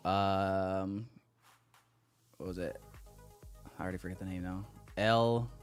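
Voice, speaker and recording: A man hosting a casual livestream, bantering excitedly with his chat and running giveaways. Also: deep voice, takes it slowly, faint music behind.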